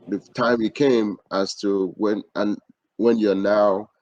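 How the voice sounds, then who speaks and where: A man hosting a podcast interview, affirming his guest and asking halting, repetitive questions. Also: on the low side, steady tone, darkish tone, no room sound, muffled recording. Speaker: podcast host.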